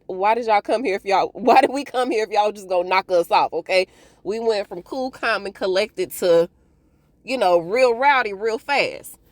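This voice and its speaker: Woman recap host, lively swinging pitch, dry close sound, chatty and expressive, laughs a lot. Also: no echo. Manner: chatty and expressive, laughs often, addresses viewers as y'all. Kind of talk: casual TV recap monologue.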